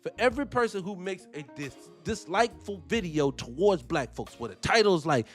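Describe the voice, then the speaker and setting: A man's voice: high voice, expressive, normal speed, soft background music. A man hosting a commentary show, ranting in a heated, profane, preaching way. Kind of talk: live-stream commentary with viewer shout-outs.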